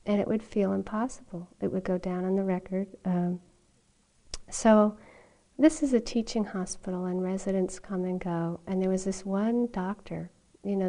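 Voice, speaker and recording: Mellow-voiced woman giving a dharma talk. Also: medium pitch. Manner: conversational storytelling with frequent "you know" and soft laughs. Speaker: meditation teacher. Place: meditation retreat hall.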